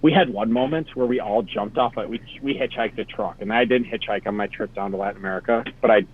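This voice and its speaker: A man's voice: lowish voice, fast, husky. A young man from Wisconsin, a podcast guest telling travel stories in a laid-back, rambling way over a video call. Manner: laid-back, lots of "like" and trailing asides. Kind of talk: casual storytelling. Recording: tinny phone-like call audio.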